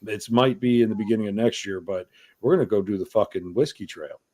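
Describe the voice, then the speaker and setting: A man's voice: lowish voice, fairly quick, darkish tone. A man from New York hosting a podcast, talking in a crude, rambling, profane way. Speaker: podcast host. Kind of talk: casual chat.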